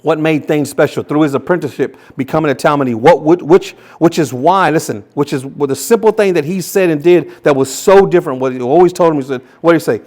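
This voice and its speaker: Delivering a sermon as pastor, a man with a fairly high voice speaks with fervor, often restarting and repeating words. When he reads from scripture, he slows way down and goes quiet.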